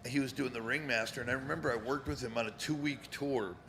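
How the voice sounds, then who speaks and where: Man, fifties, from Connecticut, gravelly voice, rambling profane storyteller, faint lounge ambience. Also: mid-range voice, fairly even intonation, fast talker, fairly bright tone, slight background noise. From Connecticut, USA. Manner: rambling, profane, many fillers. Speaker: guest, former pro wrestler. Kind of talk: casual storytelling. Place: cigar lounge, live show.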